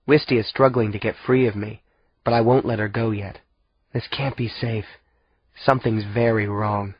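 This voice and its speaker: A man's voice: on the low side, fairly even intonation, normal speed, slightly rough, muffled recording. A man narrating an audiobook in the first person with tense storytelling.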